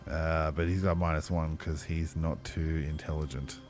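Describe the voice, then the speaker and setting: A man running a tabletop game as game master, chatty and thinking aloud, with lively exclamations. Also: extremely low pitch, normal speed, soft background music.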